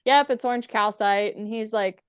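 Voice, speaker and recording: A woman's voice: a little high, steady tone, moderate pace, smooth, no echo. A woman chatting as a podcast guest, telling stories casually, swearing freely and acting out the quotes. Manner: chatty, profane, acts out quotes. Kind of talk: casual storytelling.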